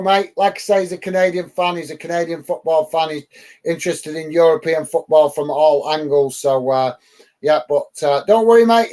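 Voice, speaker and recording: Calling the game on a live football watch-along, a UK man with a fairly high voice and a darkish tone chats casually with his viewers, often filling gaps with ums and uhs.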